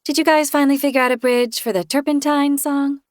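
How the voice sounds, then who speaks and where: A woman's voice: sits high, fairly even intonation, fairly quick, no echo, clean studio sound, pitched above the performer's own voice, natural voice. A woman narrator voicing a friendly, chatty young mother asking light questions. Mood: breezy.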